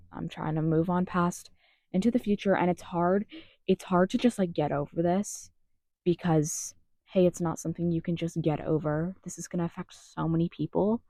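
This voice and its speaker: A young American woman rants angrily in a vlog from her closet, swearing, rambling, and restarting her sentences again and again. Her voice sits on the low side and sounds mellow. The audio is clean studio quality with no room sound.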